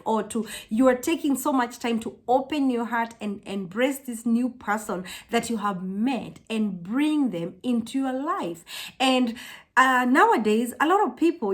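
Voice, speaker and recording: A young woman from Africa chatting to her vlog audience, telling stories with lively acted-out quotes. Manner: animated storytelling, acts out quotes in high voices. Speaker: vlogger. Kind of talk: casual chat to camera.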